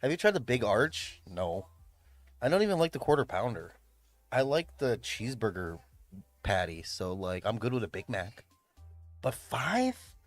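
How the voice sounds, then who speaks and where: Young male streamer, chatty and rambling, lively pitch, dry close mic. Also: normal speed, dry recording, soft background music. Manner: rambling, many fillers and restarts. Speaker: livestreamer. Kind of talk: casual livestream chat. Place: home room, tidying up.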